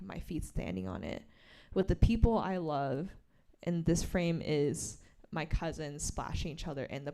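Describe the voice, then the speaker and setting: A woman author reading from her graphic memoir and explaining its pages, a lively storyteller who acts out the quoted lines. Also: fairly low pitch, creaky. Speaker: author at a bookstore event.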